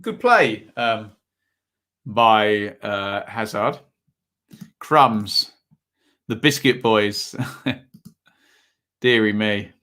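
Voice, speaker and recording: This young man runs a live football watch-along, casually rambling between match commentary with a chatty, self-deprecating manner. His voice is on the low side and sharp in tone, with lively intonation, a very slow pace, and long pauses.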